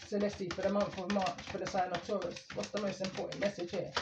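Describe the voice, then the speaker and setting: A man doing a calm, meandering tarot reading, reading the cards aloud as he draws them. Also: high-pitched, fast talker, few pauses, noisy background. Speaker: tarot reader. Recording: echoey room, muffled lo-fi sound.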